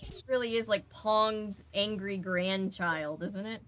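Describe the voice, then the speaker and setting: Chatty bright-voiced young woman streamer. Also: medium pitch, slow pace, slight background noise. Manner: chatty, talks to the game and to viewers. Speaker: game streamer. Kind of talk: casual gameplay commentary.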